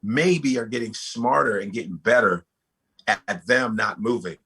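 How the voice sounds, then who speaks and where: A comedian talking casually as a guest, animated and profane, often restarting his sentences. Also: on the low side, moderate pace, husky. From United States. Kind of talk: casual podcast conversation.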